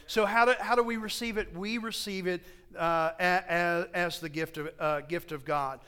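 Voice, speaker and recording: A man preaching a sermon to a congregation, slow and emphatic, often asking them questions and correcting himself as he goes. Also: high-pitched, fairly even intonation, bright, forceful tone, smooth.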